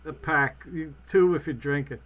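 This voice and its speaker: A man co-hosting a casual podcast, loud and profane, breaking into jokey outbursts. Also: fairly high pitch, normal speed, narrow, tinny audio, slight background noise. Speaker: podcast co-host. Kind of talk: casual banter.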